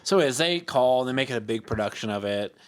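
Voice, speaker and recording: A man's voice: mid-range voice, expressive, a little fast. A man telling a long story as a podcast guest in casual chat, rambling with many fillers, laughing often and acting out the lines people said to him. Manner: acts out quoted lines in his story.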